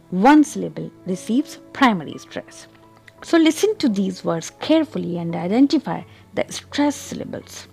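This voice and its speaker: Woman, language teacher, unhurried, mellow voice, keeps asking okay, soft music behind. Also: medium pitch, gravelly, husky. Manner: deliberate, repeats words, checks in with "okay?". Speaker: English pronunciation teacher. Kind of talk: slow spoken lesson with example words.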